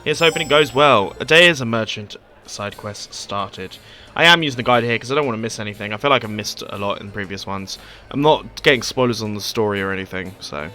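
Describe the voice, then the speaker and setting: A man's voice: fairly low pitch, fairly quick, few pauses, pushed and bright, faint music behind. A man giving casual let's play commentary with offhand, self-deprecating asides.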